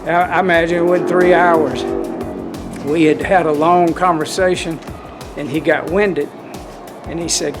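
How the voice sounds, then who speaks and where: Earnest Southern vlogger, slightly high voice, rambling folksy delivery, music underneath. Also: male voice, fairly even intonation, a little slow, pauses often. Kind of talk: personal storytelling and spiritual talk. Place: outdoors in cold wind. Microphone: handheld camera.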